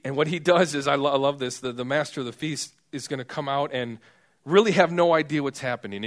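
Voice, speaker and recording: A man preaching a sermon in a conversational way, acting out the people in the story. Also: mid-range voice. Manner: conversational, acts out quoted characters.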